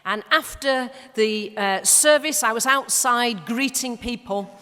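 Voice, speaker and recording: Slow Yorkshire woman in a reverberant church. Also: on the high side. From Leeds, northern England. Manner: warm storytelling with humorous asides, some hesitations. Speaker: parish mission speaker. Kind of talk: church talk with anecdotes. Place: large church.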